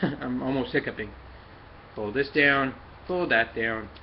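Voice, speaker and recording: A man talks through a hands-on toy review in a mid-pitched voice, pausing often with fillers as he works the parts. The recording sounds a little dull and lo-fi, with a faint hiss underneath. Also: gravelly. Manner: halting, many fillers, talks while handling the toy. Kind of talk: casual hands-on review and demonstration.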